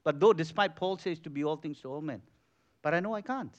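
A man's voice: a little high, a little fast, lo-fi sound. A middle-aged man preaching a sermon as pastor in a church, conversational, with frequent restarts.

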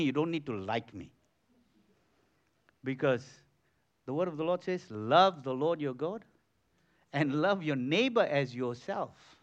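Middle-aged male pastor, slightly high voice, animated conversational sermon with restarts. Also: measured pace, pauses often, dull audio. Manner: lively, conversational preaching with repeated restarts. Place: church.

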